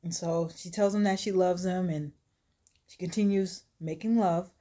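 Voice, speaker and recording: A woman's voice: on the low side, steady tone, moderate pace, dark tone. Chatty woman telling a story. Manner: chatty, laughs often, asides to viewers. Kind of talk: casual spoken storytelling.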